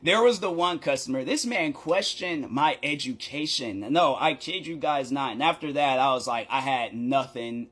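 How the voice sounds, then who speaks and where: A man casually telling a story time vlog, rambling and animated, often laughing and acting out what people said. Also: medium pitch, moderate pace, few pauses. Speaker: content creator.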